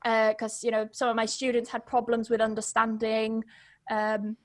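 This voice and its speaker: A young woman, a podcast guest telling her story in a chatty, quick way and laughing often. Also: a little high, completely flat delivery, no echo, studio quality. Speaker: podcast guest, English pronunciation teacher. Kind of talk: casual storytelling interview.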